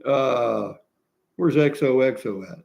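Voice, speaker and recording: A man's voice: mid-range voice, takes it slowly, gravelly, a little mellow. A man hosting a casual livestream, reading out viewers' comments in a folksy, jovial way and chuckling often. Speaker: livestream host.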